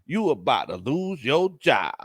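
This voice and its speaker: A man's voice: medium pitch, measured pace, husky, dry recording, studio quality. A man hosting a casual sports livestream, reading viewer comments aloud and laughing often. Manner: laughs often, Southern slang, animated reactions. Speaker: sports show host and coach.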